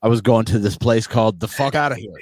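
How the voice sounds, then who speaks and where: A man's voice: fairly low pitch, fast, a little mellow. A man hosting an interview over a video call, dropping in brief joking asides. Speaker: host.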